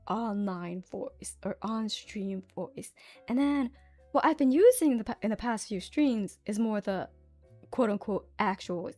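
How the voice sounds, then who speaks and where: A woman's voice: a little high, warm tone. A woman streamer chatting casually with her viewers, giggly and full of fillers.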